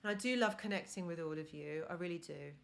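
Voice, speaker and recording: A woman with a noticeable accent speaks on her live stream, her voice sitting a little on the low side. She talks earnestly and encouragingly, addressing her viewers directly as she gives them advice. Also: fast talker, gravelly. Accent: non-native accent of English. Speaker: live-stream host and relationship mentor.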